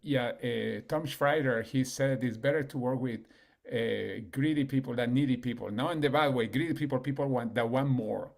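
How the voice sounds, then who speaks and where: A man, a business leader telling stories on a call in an animated way. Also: normal speed, creaky. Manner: animated, acts out quoted people with rising pitch.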